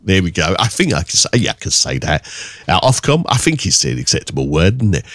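A man's voice: brisk, dry recording. Radio dj guy, chatty and self-mocking, voice swooping all over, dry close sound. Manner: chatty, self-deprecating, lively swoops in pitch. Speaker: radio presenter. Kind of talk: radio music show chat.

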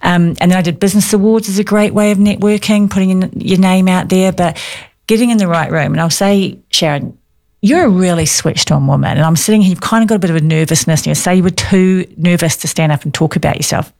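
A woman's voice: on the low side, fast talker, a little mellow. A middle-aged woman, talking in a brash, confident way and laughing easily in a casual radio chat. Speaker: guest, business owner.

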